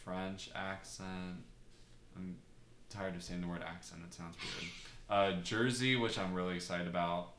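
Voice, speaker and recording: A woman hosting a podcast in casual chat, playful and quick to laugh. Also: very deep voice, fairly even intonation, a little hiss or hum. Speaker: podcast host. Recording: echoey room.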